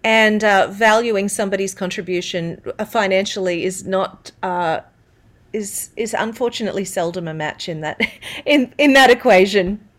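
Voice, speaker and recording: A woman's voice: mid-range voice, normal speed. A woman with an Australian accent, a voiceover artist, telling stories as an interview guest and acting out the quotes. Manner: animated, laughing, acts out quotes. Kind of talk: interview storytelling.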